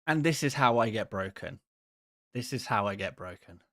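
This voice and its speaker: A man with a fairly low, fairly bright, expressive voice hosts a live stream at a moderate pace, chatting casually with viewers. He rambles in an exasperated, self-mocking way, and the recording is dry with clean studio sound.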